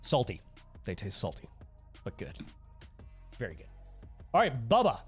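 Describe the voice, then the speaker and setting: A man's voice: medium pitch, a little slow, soft background music. A man hosting a casual livestream, chatting goofily with viewers and laughing often. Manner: goofy, animated, reads chat aloud and laughs often. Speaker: livestream host.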